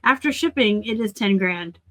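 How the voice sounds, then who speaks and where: A woman in her forties hosting a reseller channel, chatting casually and excitably as she looks over sold listings. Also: mid-range voice, moderate pace. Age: 40s. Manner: chatty and excitable, gushing over items and teasing seller titles. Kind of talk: casual screen-share commentary.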